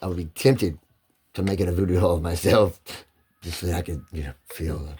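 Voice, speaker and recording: A man's voice: sits low, fairly even intonation, a little fast, darkish tone, husky. A man hosting a casual chat, teasing his co-host and swearing freely as he laughs his way through a story. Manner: profane, laughing often.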